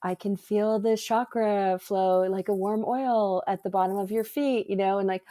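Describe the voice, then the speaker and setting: A woman guest, an energy healer, chatting casually and telling stories with lively acted-out quotes. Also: moderate pace, few pauses. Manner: animated, acts out quotes in a higher voice. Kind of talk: casual storytelling chat.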